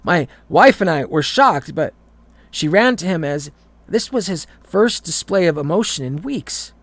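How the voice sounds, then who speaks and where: A man's voice: on the high side, lively intonation, measured pace, a bit bright, no room sound. A man reading a horror story aloud, often stumbling and repeating words.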